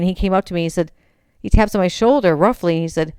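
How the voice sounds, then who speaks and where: A woman's voice: lowish voice, fairly quick, smooth, no room sound, clean studio sound. A young woman hosting a podcast, telling a personal story and animatedly acting out the voices of the people in it. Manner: animated, acts out quoted voices. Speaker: podcast host. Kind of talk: storytelling monologue.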